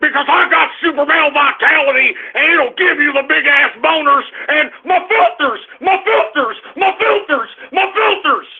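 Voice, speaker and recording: A man doing a loud, bombastic impression of a bragging male conspiracy radio host, over a phone-like line. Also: very high voice, normal speed, few pauses. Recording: lo-fi phone-like audio.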